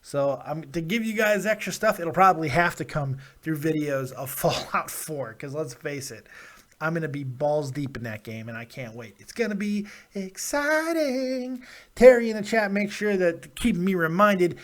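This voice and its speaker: A man hosting a live wrestling review stream, talking in an excitable, rambling way and laughing often. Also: fairly high pitch, moderate pace. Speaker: host of a wrestling review show.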